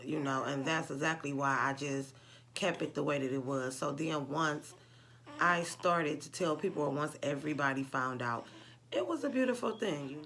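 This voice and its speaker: A woman chats casually to her viewers. Her voice sits a little low, and she slips into the voices of people she quotes. A faint hiss sits behind her. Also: fairly bright tone. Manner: chatty, laughs often, acts out quotes of others. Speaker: vlogger. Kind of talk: casual chat to camera.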